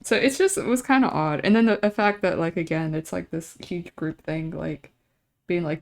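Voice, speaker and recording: A young woman streams herself drawing and chats casually as she works. She tells a meandering story and laughs often, and her voice has a gravelly creak at the ends of phrases. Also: on the low side, normal speed, a little mellow. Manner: rambling storytelling with frequent laughter.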